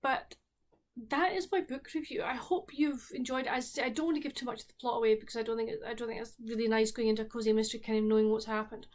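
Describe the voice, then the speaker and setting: Chatty Highland Scottish woman, slightly high. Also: fairly even intonation, fast. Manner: candid, chatty, talks straight to viewers. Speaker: book and baking vlogger. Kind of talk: casual book review and cooking chat.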